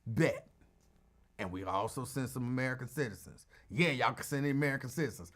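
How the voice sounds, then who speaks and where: A man hosting a call-in radio show, talking casually and animatedly, with quick asides. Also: mid-range voice. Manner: animated, conversational, drops into asides.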